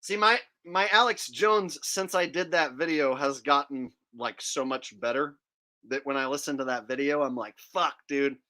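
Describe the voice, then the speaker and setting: A man's voice: on the high side, normal speed, pushed and bright. A man chatting casually as a comedian, boastful and laughing at his own jokes.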